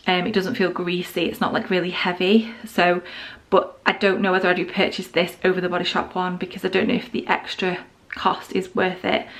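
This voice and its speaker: This young vlogger's voice is lowish and a touch bright as she rambles through casual skincare chat. She's a bit winded and keeps restarting, with fillers everywhere.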